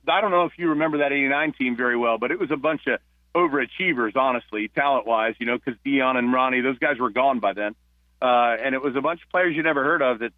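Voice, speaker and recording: A man from New Jersey, a retired police officer, telling stories as a guest on a phone-in radio interview, with halting restarts. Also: mid-range voice, no echo. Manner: warm storyteller, halting restarts. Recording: tinny phone line.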